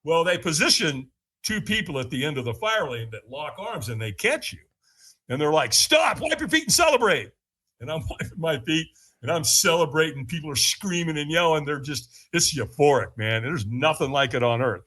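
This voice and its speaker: A man's voice: expressive, moderate pace, a bit bright, slightly rough. A man on a podcast, telling his story with frequent laughs and acted-out quotes. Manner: laughs often, acts out quotes in a higher voice. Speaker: podcast guest. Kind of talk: animated storytelling.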